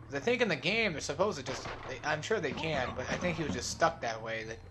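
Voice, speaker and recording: A man's voice: mid-range voice, animated, quick pace, noisy background. A young man giving rambling, self-mocking commentary while playing a video game, swearing and laughing often. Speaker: let's play host. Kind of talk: casual gameplay commentary.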